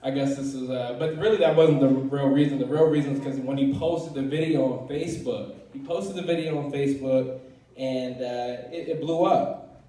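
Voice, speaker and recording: A young man from D.C. works through a stand-up set at an open mic, rambling and profane. His mellow voice carries from across a boomy room with heavy echo. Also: fairly even intonation, moderate pace, distant mic. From Southeast Washington, D.C. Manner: rambling, profane, many fillers and restarts. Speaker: first-time stand-up comedian. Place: comedy club stage, open mic. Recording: very echoey room, voice from afar.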